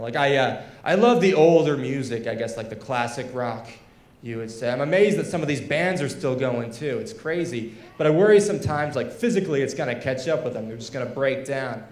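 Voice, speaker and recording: A man's voice: mid-range voice, darkish tone. A young man doing a stand-up comedy set, talking conversationally with lots of fillers and asides. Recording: echoey live room.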